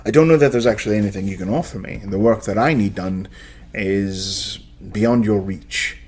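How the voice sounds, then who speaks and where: A man voicing a smug, diminutive, professor-like vampire seneschal who speaks in a measured, condescending way in a tabletop game. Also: on the low side, a little mellow, breathy edge.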